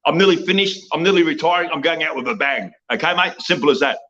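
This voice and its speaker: A high, bright-voiced middle-aged man with an Australian accent rants loudly and drunkenly, throwing mate and bro into every line. He sounds like a rowdy podcast guest on dull, lo-fi audio. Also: fast. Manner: loud, excitable, rambling, says mate and bro constantly. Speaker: guest wrestler. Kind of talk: rambling podcast rant.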